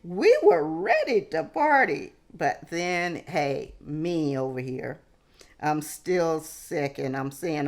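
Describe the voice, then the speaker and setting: A woman vlogger telling a personal story to camera in a halting way, often restarting and dropping in "hey". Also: deep voice, very animated.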